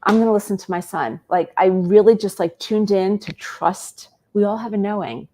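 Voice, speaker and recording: Animated woman telling a story. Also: medium pitch, normal speed. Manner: animated, acts out dialogue. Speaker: guest. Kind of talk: storytelling in a podcast interview.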